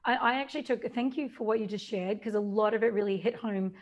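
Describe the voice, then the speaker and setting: A woman's voice: mid-range voice, quick pace, lo-fi sound. A woman in her forties hosting a podcast, talking openly and reflectively about her own business. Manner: open and reflective, with small restarts. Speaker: podcast host. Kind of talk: casual podcast conversation.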